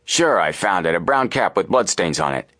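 A man reading a storybook voices a gruff, hostile red-haired man who speaks curtly. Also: low voice, very animated, moderate pace, sharp tone, no echo, clean studio sound, exaggerated voice. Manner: gruff, curt.

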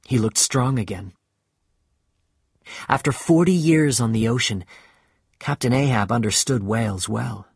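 A man reading a storybook aloud as narrator, slow and measured, with a husky voice. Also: lowish voice, no echo, clean studio sound.

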